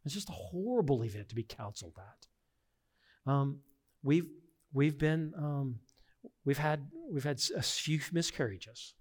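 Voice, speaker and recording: A middle-aged man preaching a sermon as pastor, earnest and emphatic, swinging between hushed reflection and forceful insistence. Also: a little high, animated, a little slow, long pauses, husky.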